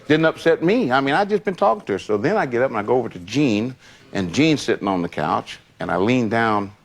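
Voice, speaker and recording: A man's voice: medium pitch, lively intonation, brisk, gravelly. An older man telling a personal story in a rambling, casual way, with many asides. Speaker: longtime associate recounting memories.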